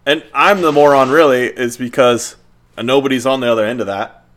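A man co-hosting a podcast in casual chat, an animated storyteller who swears freely. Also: medium pitch, a little fast. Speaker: podcast co-host.

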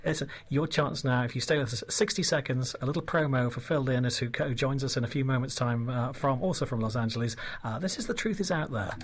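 A man's voice: medium pitch, quick pace, few pauses, slight background noise. A man hosting a radio talk show, jokey and teasing with theatrical asides. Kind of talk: casual chat.

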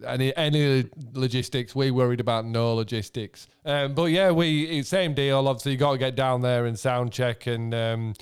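A man remembering his band's early days in a relaxed, rambling way. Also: mid-range voice, moderate pace, few pauses, clear, resonant tone. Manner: relaxed, rambling, many fillers. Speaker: musician guest. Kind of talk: casual chat.

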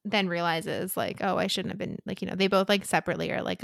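A woman's voice: medium pitch, fairly even intonation, fast talker, gravelly, a bit bright, no room sound. A woman with a mid-range voice recapping a book in casual chat. She rambles, filling her lines with "like" and acting out quotes as she goes. The recording is dry and close.

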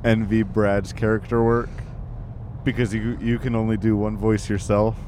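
A man co-hosting a podcast, teasing the host and jumping in with quick remarks. His voice sits on the low side. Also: level tone, darkish tone, slight background noise. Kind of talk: casual podcast banter.

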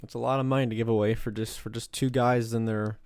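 Podcast co-host, male, fast brief answers, slight background hiss. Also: mid-range voice, little pitch movement, darkish tone. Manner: brief agreeing replies. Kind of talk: casual chat.

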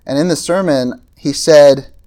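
A man's voice: fairly high pitch, unhurried, mellow. A man preaching a sermon to a campus group in a casual, conversational way, tossing in asides and filler words. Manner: conversational, frequent "right?" and "like" asides. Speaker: pastor. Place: evening talk to a campus group.

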